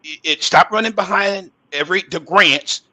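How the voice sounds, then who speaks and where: A man speaking as a guest on a video call panel, emphatic, slowing down to stress key words. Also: sits high, sharp tone. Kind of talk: casual panel conversation.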